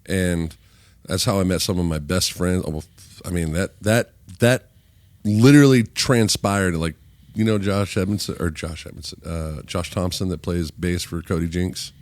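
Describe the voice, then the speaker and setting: A man with a very low, deep voice chats casually on a podcast, wandering off on side tracks as he tells a story. His voice is dry and close, recorded in a studio with no room echo. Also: fairly even intonation, moderate pace. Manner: rambling storyteller, acts out voices in jokes. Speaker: podcast host. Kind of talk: casual chat.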